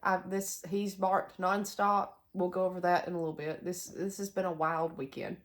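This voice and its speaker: A woman's voice: on the low side, level tone, normal speed. A young woman with a Southern US accent, chatting casually to camera in a rambling way with asides. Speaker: homestead vlogger. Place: sunroom bedroom in a house.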